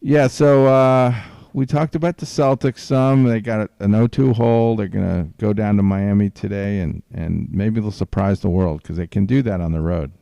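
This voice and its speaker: A man's voice: lowish voice, fairly even intonation, normal speed, creaky, few pauses, mellow, no room sound. A man hosting a podcast, musing and rambling through casual sports chat. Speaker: podcast host.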